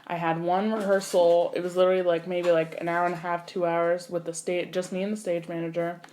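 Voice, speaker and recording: A young woman, an actor and singer, telling an animated story in a casual interview, full of "like" and "you know". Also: on the low side, fairly quick, a little hiss or hum.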